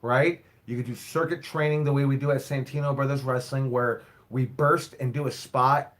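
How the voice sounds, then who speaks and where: A man's voice: mid-range voice, steady tone, normal speed. A man who owns and coaches a wrestling school, answering viewer questions in a casual live stream, rambling, repeating himself and swearing now and then.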